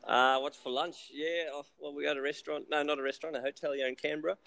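A man co-hosting a casual podcast chat, relaxed and jet-lagged, laughing easily. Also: on the high side, fast, gravelly. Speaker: podcast co-host. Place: hotel area on a trip.

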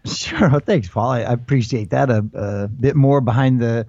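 American man with a dark, muffled voice. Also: mid-range voice, moderate pace, dry recording. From United States. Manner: rambling, full of restarts and fillers. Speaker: guest. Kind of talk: casual interview talk.

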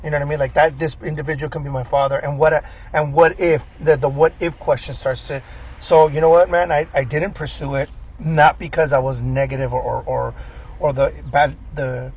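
A man's voice: a little high, fairly even intonation, a little fast, darkish tone, breathy edge. A middle-aged man telling a personal story in casual talk, swearing a lot and repeating words as he goes. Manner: swears often, repeats words, says bro. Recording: faint background noise.

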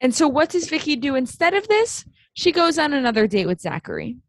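Animated woman co-host, casual recap, dry close mic. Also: high-pitched, a little fast, dry recording. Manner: animated, acts out quotes. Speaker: podcast co-host. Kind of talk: casual chat recapping a book.

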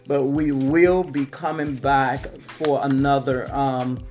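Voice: medium pitch, flat delivery, takes it slowly, a little mellow. A podcast host who reacts often and speaks to wrap up the segment. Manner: reactive, interjects "wow". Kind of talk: podcast hosting.

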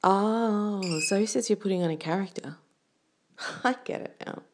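A woman's voice: medium pitch, a little slow, noisy background. A woman with an Australian accent hosting a podcast in a chatty, rambling, self-deprecating way. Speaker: podcast host. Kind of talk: casual chat.

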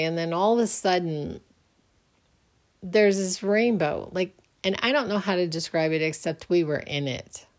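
Slow-talking earnest woman storyteller. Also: fairly low pitch, darkish tone. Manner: rambling, earnest, often restarts; faith-minded, reflective. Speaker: podcast host. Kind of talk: personal storytelling monologue.

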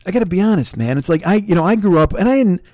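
A man from the United States, middle-aged, pitched well above most men. He rants in a heated, sarcastic monologue thick with profanity. The sound is dry, with no room in it. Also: lively intonation, racing, dark tone, no room sound. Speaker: podcast host. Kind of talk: ranting monologue.

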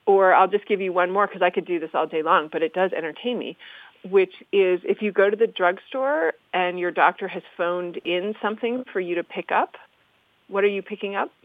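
A woman's voice: on the low side, normal speed, no echo. A woman historian of the language explaining usage in conversation, articulate and amused, lecturing in an easy way. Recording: tinny phone-like dry sound.

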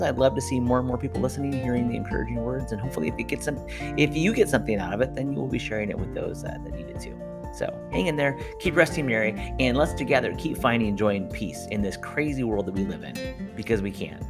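A man's voice: mid-range voice, vocal fry. Earnest man hosting a devotional podcast. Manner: earnest, encouraging, speaks straight to the listener. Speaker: podcast host.

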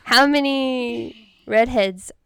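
A woman's voice: fairly high pitch, takes it slowly, a bit bright, clear, resonant tone. A woman co-hosting a casual quiz chat, playful and teasing. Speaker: co-host.

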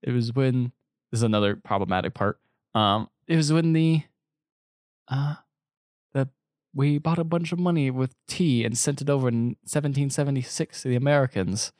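A man's voice: mid-range voice, normal speed, dry recording, studio quality. A man co-hosting a podcast, casually recapping a movie and acting out the characters' lines in mock voices. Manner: animated storytelling, quoting characters in mock voices. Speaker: podcast co-host.

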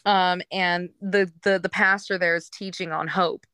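A woman's voice: lowish voice, fairly even intonation, unhurried, sharp tone, clear, resonant tone, no room sound. A woman candidly telling her personal story as a guest, in a frank, rambling way with frequent fillers.

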